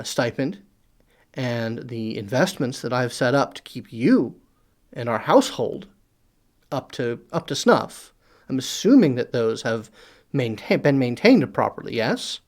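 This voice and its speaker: A game master voicing a patient, scheming long-lived husband who talks down to his wife in calm reassurance. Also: mid-range voice.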